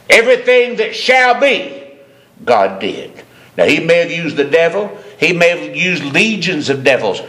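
Impassioned male preacher, drawn-out delivery. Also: a bit bright. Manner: impassioned preaching, swinging from low murmurs to soaring high cries; repeats phrases for emphasis. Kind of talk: sermon.

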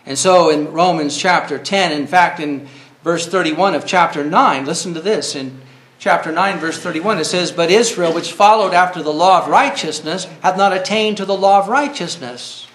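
A man's voice: sits high, normal speed, fairly bright tone, echoey room. A man preaching a sermon earnestly, reading scripture and rising to cries when he quotes.

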